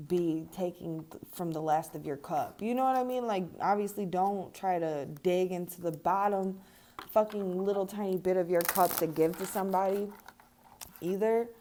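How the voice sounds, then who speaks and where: A young tarot reader walks her viewers through a card reading in a loose, chatty manner, laughing often and dropping casual swears. Her voice sits a little low, mellow and warm rather than bright, with a little hiss or hum in the audio.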